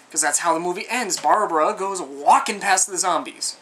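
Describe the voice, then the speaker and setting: A man's voice: high voice, expressive, fairly quick, hardly any pauses, sharp tone, slight background noise. A man giving a casual spoken film review, rambling with asides and sounding exasperated and sarcastic. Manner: rambling and conversational, with frequent asides. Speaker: movie reviewer.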